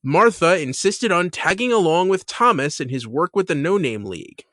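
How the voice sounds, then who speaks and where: A man's voice: on the high side, lively intonation, normal speed, a bit bright, dry recording. Chatty man with a dry close sound. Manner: rambling, many restarts and laughs. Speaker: podcast co-host. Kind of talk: casual chat.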